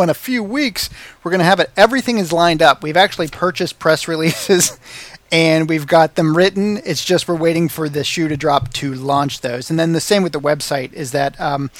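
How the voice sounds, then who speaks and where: A man's voice: a little high, no room sound. A man talking casually as a podcast guest about marketing, rambling and poking fun at himself. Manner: rambling, self-mocking, animated.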